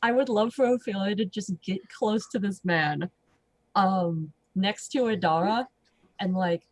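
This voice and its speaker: A woman chatting playfully in a tabletop game, mid-pitched. Her voice comes through dry and close with no room sound. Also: measured pace, dry recording, poor audio. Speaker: player. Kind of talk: casual tabletop play.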